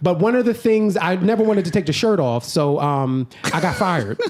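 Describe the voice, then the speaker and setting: A middle-aged man, a comedian guest on a podcast, telling stories in a joking, animated way. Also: sits high, moderate pace, crowd noise. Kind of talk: casual podcast chat.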